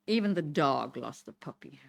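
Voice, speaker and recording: A woman's voice: low-pitched, expressive, moderate pace, creaky. A woman teaching a Torah lesson to a congregation. She reads verses aloud, explains Hebrew words and keeps checking in with "Okay?". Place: synagogue classroom.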